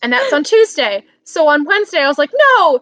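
High-voiced young woman, animated storyteller. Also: quick pace, dry recording. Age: young adult. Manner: animated storytelling, swinging to loud exclamations. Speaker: college student telling a story. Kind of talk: casual chat. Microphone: video call.

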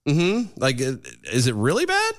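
Joking man, thirties, radio co-host, lively voice, casual banter. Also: fairly high pitch. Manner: joking, quick to laugh, lively.

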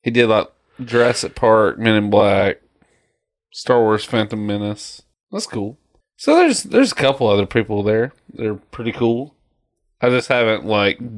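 A man in his thirties, co-hosting a podcast in casual, jokey chat that rambles. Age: 30s. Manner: rambling and jokey, lively pitch. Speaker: podcast co-host.

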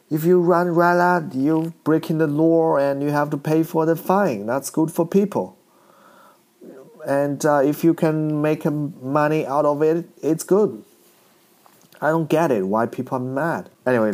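A comedian man riffing in a slow, meandering monologue, with many restarts and chuckles. His English has loose, non-native grammar, and he stays at a middling pitch. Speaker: comedian riffing on internet content. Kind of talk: casual comic monologue.

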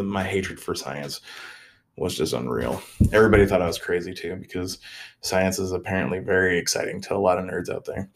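Deep-voiced man rambling on his podcast. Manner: rambling, self-deprecating, trails off and restarts. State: mentally tired. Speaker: podcast host. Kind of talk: casual solo podcast rambling.

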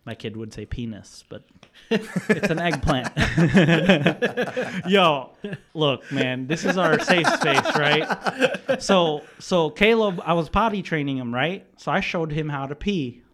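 A man's voice: fairly high pitch, expressive, slow pace, fairly bright tone. A man in his thirties telling stories in casual chat, swearing freely and laughing through his punchlines.

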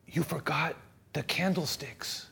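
A man voicing a gentle elderly bishop who speaks solemnly, rising to loud fervor. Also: a little high, takes it slowly, vocal fry, husky, pitched above the performer's own voice, full character voice.

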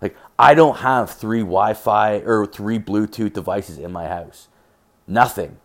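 A man's voice: fairly low pitch, a little slow. A young man podcasting alone, telling rambling stories with constant swearing and filler words. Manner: profane, filler-heavy, storytelling. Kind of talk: casual rambling monologue.

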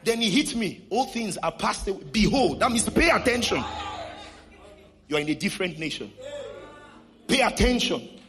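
A male pastor with a Nigerian accent, preaching a sermon to a congregation and leading shouted declarations. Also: high voice, big pitch swings, moderate pace, pauses often, a faint crowd. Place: church hall with congregation.

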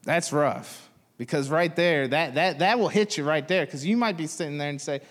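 A man's voice: on the high side, moderate pace, big-room sound. A man in his thirties preaching a sermon, talking casually and joking with the congregation. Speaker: pastor.

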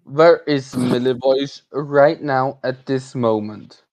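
A player in a tabletop game speaking in a measured, careful way. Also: mid-range voice, darkish tone. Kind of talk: in-character tabletop play.

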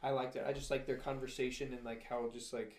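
A young man co-hosting a casual movie review chat, easygoing and slangy, with excited quoted reactions. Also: medium pitch, quick pace. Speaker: co-host. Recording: echoey room.

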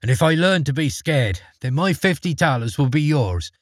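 A man's voice: fairly high pitch, lively intonation, normal speed, no room sound, studio quality. A man voicing a naive, fearless young man in a storybook reading, speaking in an earnest, plain way.

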